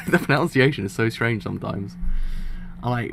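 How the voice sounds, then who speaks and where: A man with a mid-range, gravelly voice rambles through a casual live reaction to a comic. He keeps restarting sentences and laughing at himself. A faint hiss sits under the mic. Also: mid-range voice, normal speed, fairly bright tone. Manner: rambling, self-interrupting, laughs often.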